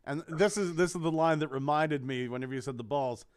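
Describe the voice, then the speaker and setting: A man's voice: on the high side, brisk. A man co-hosting a casual podcast, reading out song lyrics and viewer comments and swearing freely. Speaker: co-host.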